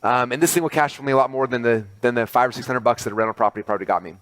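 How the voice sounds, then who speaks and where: Fast-talking excited man presenting. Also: medium pitch, dry recording. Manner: fast, excited, full of fillers and restarts. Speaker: speaker presenting to an audience. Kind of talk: animated business talk with storytelling.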